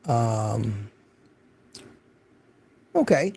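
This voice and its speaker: A man's voice: lowish voice, sing-song, very slow, gravelly, dark tone, slightly rough. An older man hosting a livestream, chatting casually and rambling as he greets viewers by name from his home studio. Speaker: livestream host.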